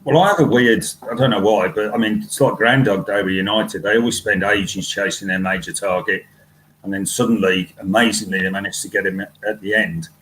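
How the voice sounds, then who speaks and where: Low-voiced man, blunt fan panelist. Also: steady tone, brisk, a bit bright, slight background noise, low-quality recording. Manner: blunt, wry, with many fillers. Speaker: podcast panelist. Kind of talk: fan podcast discussion.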